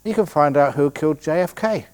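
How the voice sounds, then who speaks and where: Slightly high and a little mellow, the voice belongs to an older English meditation teacher who speaks a bit quickly and expressively. He answers questions with humor at a retreat in a meditation hall, a Buddhist teacher who jokes, tells stories and acts out other people's voices.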